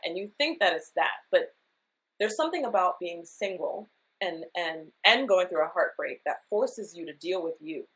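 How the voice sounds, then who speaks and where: A woman's voice: on the low side, lively intonation, normal speed, a bit bright, rough recording. A woman guest on a podcast, candidly telling a personal story with feeling and acting out her past self in quotes. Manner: emotional, confessional storytelling. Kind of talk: candid casual chat.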